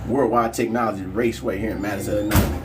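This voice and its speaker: A man's voice: lowish voice, fairly even intonation, fast, noisy background. St. Louis man, live-stream host, calls races with hype, recorded from a distance outdoors. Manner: chatty, hypes up races, shouts out viewers. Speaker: livestream host. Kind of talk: casual live commentary. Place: outdoors at a drag strip.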